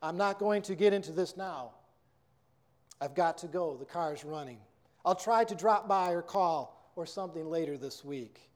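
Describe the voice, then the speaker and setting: A man's voice: on the high side, normal speed, darkish tone, voice pushed down, natural voice. Man reading as a cold, curt husband. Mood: harsh. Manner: abrupt, dismissive.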